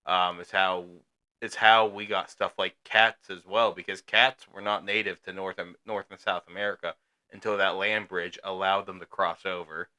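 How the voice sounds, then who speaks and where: Man, podcast co-host, very bright tone, smooth clear voice, rambling casual chat. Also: sits low, little pitch movement, moderate pace. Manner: chatty, rambling, lots of fillers and restarts.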